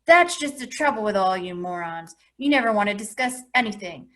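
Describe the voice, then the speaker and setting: A woman voicing a furious teenage boy who yells insults while close to tears. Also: medium pitch, animated, brisk, lightly acted. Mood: yelling. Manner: yelling, near tears.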